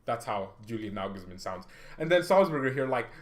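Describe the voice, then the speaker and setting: Man, football reaction vlog host, casual, jokey, rambling, mid-pitched voice. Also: lively intonation, fairly quick.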